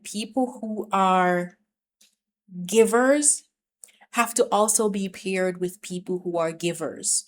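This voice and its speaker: A woman giving relationship advice in an emphatic, insistent way, repeating her points to drive them home. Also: medium pitch. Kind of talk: advice monologue.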